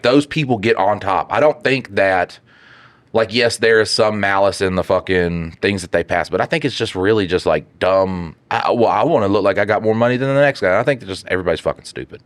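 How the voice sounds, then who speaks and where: A young man with a very deep voice riffs and jokes as a podcast co-host, cursing freely. The recording is dry and close. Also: brisk, no room sound. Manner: profane, joking. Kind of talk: casual banter.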